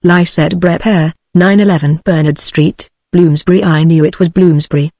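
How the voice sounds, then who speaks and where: A woman's voice: lowish voice, normal speed, dry recording, studio quality. A text-to-speech voice of a woman with a British English accent reading the lines of an anxious female singer, with no change of voice. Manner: flat synthetic reading of dialogue.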